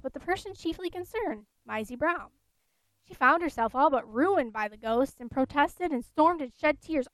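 A woman storyteller reading an old ghost story aloud at a measured, steady pace. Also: high-pitched, no echo.

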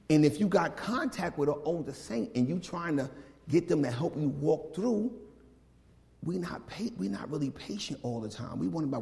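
Brief: pastor, man, slightly high voice, loose and slangy delivery, sermon in a big reverberant church. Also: moderate pace, vocal fry. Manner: animated, slangy, conversational preaching. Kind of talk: casual, lively sermon. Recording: long hall reverb.

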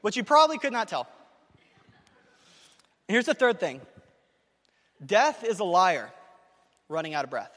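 A man preaching a sermon to his church, talking fast and excitedly, with emphatic repetition. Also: high-pitched, in a large hall. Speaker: pastor. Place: church sanctuary.

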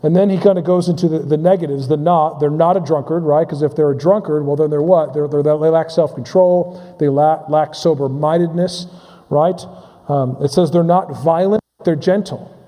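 With a steady, warm voice on the high side, a pastor delivers a sermon in halting fashion, restarting phrases and repeating words. He asks his listeners questions, and the sound carries the long reverb of a large hall.

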